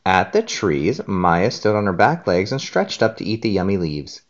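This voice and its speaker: A man reading a storybook aloud to his child in a gentle, expressive way. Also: fairly low pitch, normal speed, muffled recording.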